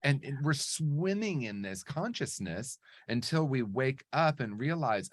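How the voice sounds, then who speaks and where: A man as an interview guest, telling his story in an earnest, animated way and checking in with frequent "right?" asides. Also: mid-range voice, unhurried, few pauses, no room sound. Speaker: guest speaker on recovery. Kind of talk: reflective conversational storytelling.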